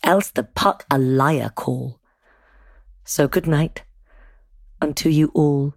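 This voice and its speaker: A mischievous male sprite speaks his rhyming farewell gently and rhythmically, as a woman reads him. The voice sits low and unhurried, with a dry, close sound. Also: dry recording, heavily acted. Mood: apologetic. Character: Puck, mischievous male sprite making amends. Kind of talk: verse recitation.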